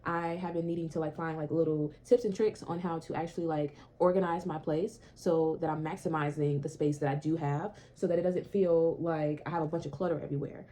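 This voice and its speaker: A woman's voice: low voice, steady tone, brisk, hardly any pauses, warm tone. A young woman chatting casually to camera in her small apartment, repeating herself and swearing now and then. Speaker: vlogger.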